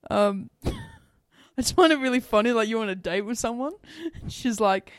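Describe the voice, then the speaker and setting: A young woman with a fairly high voice chats and rambles, breaking into giggles as she goes. Her voice sounds close and dry, with no room around it. She talks as a casual podcast co-host. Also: moderate pace, dry recording. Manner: giggly, rambling, laughs often. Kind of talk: casual chat.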